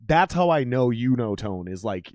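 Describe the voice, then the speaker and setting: A man hosting a podcast in a casual, animated, profane talking style. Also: mid-range voice, normal speed, no room sound, clean studio sound. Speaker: podcast host.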